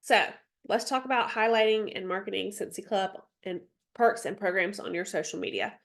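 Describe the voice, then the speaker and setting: A woman with a stuffy nose mentors a sales team over a video call, reading through slides in a casual training session. Her voice sits at medium pitch, a bit bright and creaky, and moves at normal speed. She's chatty, dropping plenty of ums and asides.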